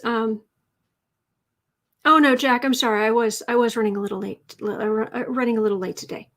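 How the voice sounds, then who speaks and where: A woman hosting a daily live stream of tarot readings, chatting casually and rambling with lots of fillers and self-corrections, and muttering softly to herself while she scrolls through the chat. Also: on the high side, steady tone, normal speed, long pauses. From Chicago area.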